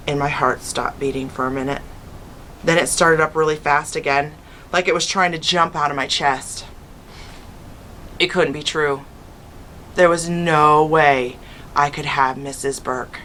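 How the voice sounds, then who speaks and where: Reading a kids' chapter book aloud in an expressive first-person voice, a woman teacher sounds low-pitched but bright and crisp. She keeps the story moving while speaking a little slowly with frequent pauses, and the recording carries a slight hiss or hum.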